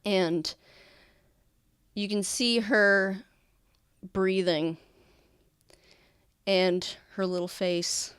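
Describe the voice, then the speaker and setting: A woman's voice: mid-range voice, steady tone, very slow, pauses often, clear, resonant tone, no echo, studio quality. A woman narrating a tabletop game as game master, describing scenes with many fillers.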